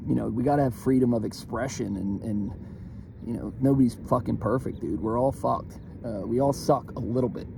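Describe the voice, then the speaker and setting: A young man from Philadelphia ranting casually, profane and animated, with lots of fillers and restarts. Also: mid-range voice, brisk, gravelly, background noise. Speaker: vlogger. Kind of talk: casual rant to camera.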